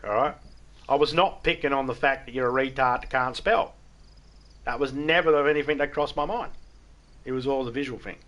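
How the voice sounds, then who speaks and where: A man's voice: mid-range voice, moderate pace, fairly bright tone, muffled recording. A laid-back Australian man chatting casually on a live game stream, swearing freely and often repeating himself. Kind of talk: casual live-stream chat while gaming.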